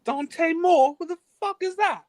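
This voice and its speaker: Teasing, high-voiced Australian woman caller. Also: a little slow, darkish tone. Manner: playful, teasing, swears.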